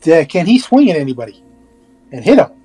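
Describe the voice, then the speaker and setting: A man's voice: fairly high pitch, very animated, brisk, mellow, breathy edge, soft background music. A man playing a tabletop game, chatting casually and laughing easily. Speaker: player.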